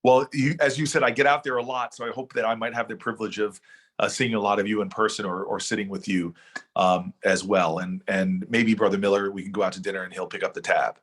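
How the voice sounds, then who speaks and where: A middle-aged man, a senator, giving an oratorical motivational speech that slows for emphasis and then speeds up. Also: lowish voice, steady tone, a bit bright, slightly rough. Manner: oratorical, shifts between slow emphatic phrases and quick runs. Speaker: senator and keynote speaker.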